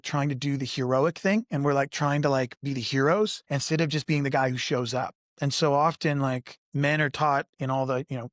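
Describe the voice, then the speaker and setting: A man on a podcast panel, telling candid stories in a lively way, often saying "like" and acting out the voices of people he quotes. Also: medium pitch, no room sound, studio quality. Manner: animated, acts out quoted voices, frequent "like". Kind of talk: candid conversational storytelling.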